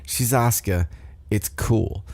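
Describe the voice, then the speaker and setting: A man's voice: on the low side, slow pace, a little mellow. A man voicing an upbeat young woman wrestler who has some attitude. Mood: breezy.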